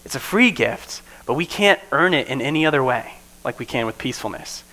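A man's voice: medium pitch, animated, brisk, bright, forceful tone, low-quality recording. A man preaching a casual, conversational sermon to a group, often checking in with his listeners. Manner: keeps checking in with listeners with "right?".

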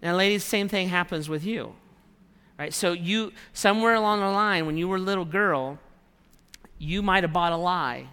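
A man's voice: sits high, normal speed, bright, forceful tone, clear, resonant tone. A man preaching a sermon in a conversational way, acting out the prayers and thoughts of his listeners. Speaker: pastor. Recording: long hall reverb.

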